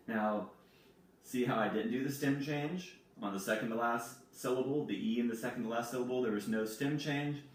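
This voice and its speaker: A man speaking at a middle pitch gives a recorded classroom lesson, patiently walking through each form and spelling words out letter by letter. His voice carries a heavy room echo and sits back from the microphone. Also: distant mic. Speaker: Spanish teacher.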